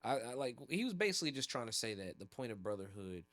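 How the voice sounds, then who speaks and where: A man's voice: mid-range voice, big pitch swings, fast, fairly bright tone, no room sound, soft background music. A man co-hosting a podcast, chatting in a laid-back, rambling way with loose slang. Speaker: podcast co-host. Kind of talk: casual chat about anime and games.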